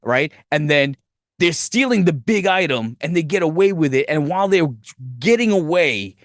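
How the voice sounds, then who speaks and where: A man's voice: fairly high pitch, expressive, moderate pace, no echo, clean studio sound. A man hosting a podcast, animatedly telling a movie's plot in a rambling, profane, casual way. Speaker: podcast host.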